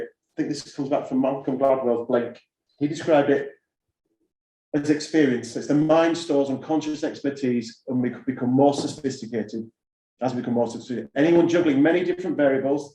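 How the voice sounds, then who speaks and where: A man's voice: mid-range voice, mellow. A middle-aged man, a school head, addressing fellow heads in a conversational, anecdotal way and repeating key phrases for emphasis. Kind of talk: conference talk to fellow heads. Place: school hall or conference room. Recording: roomy hall sound.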